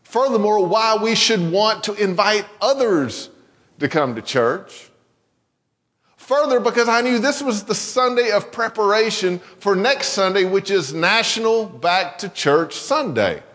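A man with a high voice preaching a relaxed, folksy sermon, telling a story and circling back on his words as he goes. His voice rings with the long reverb of a church hall. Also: measured pace. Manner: conversational, folksy storytelling with many restarts. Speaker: pastor. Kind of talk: sermon with a told joke. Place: church sanctuary.

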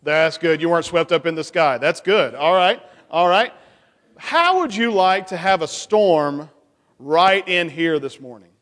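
A man's voice: a little high, expressive, unhurried, a bit bright. A man leading a children's sermon in a church, coaxing and playful with the kids. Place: church sanctuary. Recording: long church reverb.

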